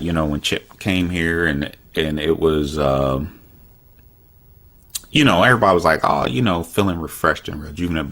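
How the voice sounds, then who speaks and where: Very deep-voiced man chatting casually. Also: fairly bright tone. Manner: rambling, many fillers and restarts. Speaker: podcast co-host. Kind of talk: casual sports chat.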